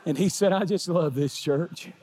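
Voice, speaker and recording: A middle-aged pastor preaches in his sanctuary. His voice sits fairly high for a man. He swings from quiet storytelling to fervent, shouted proclamation. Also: moderate pace, a little hiss or hum. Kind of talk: sermon. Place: church sanctuary.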